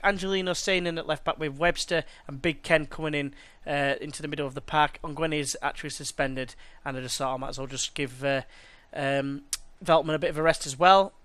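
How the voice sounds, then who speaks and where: A man's voice: a little high, fairly bright tone, smooth, no echo. Chatty man calling game play. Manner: chatty, slangy, commentates play-by-play. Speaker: let's play gamer. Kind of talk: casual gameplay commentary.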